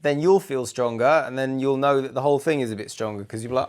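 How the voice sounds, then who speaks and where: A man co-hosting a casual podcast, animated and jokey, acting out quoted voices and laughing often. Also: medium pitch, quick pace, slight background noise. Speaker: co-host, relationship coach.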